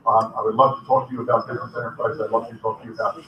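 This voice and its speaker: Halting man speaking in an echoey hall. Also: mid-range voice, flat delivery, a little hiss or hum. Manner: halting, repeats words, friendly. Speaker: convention speaker. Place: convention hall. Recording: echoey hall, from far off, dull.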